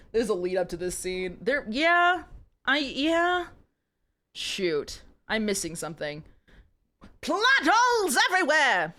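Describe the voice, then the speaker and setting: Woman, young adult, live streamer, giggly, chatty, high-pitched, very lively intonation. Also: slow pace. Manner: giggly, animated, chatty asides. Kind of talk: live stream, reading a romance novel aloud to chat.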